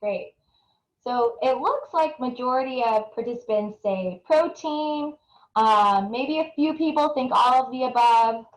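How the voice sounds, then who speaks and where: A woman's voice: fairly high pitch, measured pace, echoey room, rough recording. A young adult woman giving an earnest, explanatory research presentation, often restarting her phrases. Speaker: nutrition researcher presenting a webinar. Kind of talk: presentation talk with audience poll.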